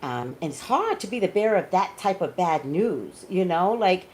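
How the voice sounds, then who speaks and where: A woman's voice: fairly low pitch, moderate pace, a little hiss or hum, rough recording. A woman working as a psychic tarot reader, chatting casually and emphatically to her viewers, saying "like" a lot. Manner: chatty, animated, says "like" a lot. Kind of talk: casual chat to camera.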